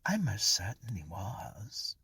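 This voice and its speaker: A woman's voice: extremely low pitch, very animated, slow pace, a bit bright, breathy edge, exaggerated voice. A man voicing a sly, mocking dead young woman in a spoken ghost story, raised well above his own voice. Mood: teasing, goading. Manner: teasing, scornful, mischievous.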